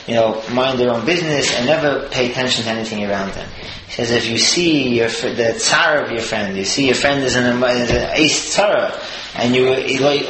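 A man giving an explanatory Torah talk, earnestly working through the verses phrase by phrase. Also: mid-range voice. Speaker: Torah teacher. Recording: echoey room with steady noise.

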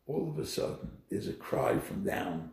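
A man giving a Torah lecture, telling stories in an animated, emphatic way, recorded in an echoey room. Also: moderate pace. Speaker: Torah teacher.

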